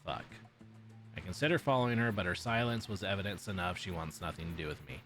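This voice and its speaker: A man's voice: low voice, fast talker, fairly bright tone, faint music behind. A man streaming himself reading a visual novel aloud in a casual way, with swearing and offhand asides.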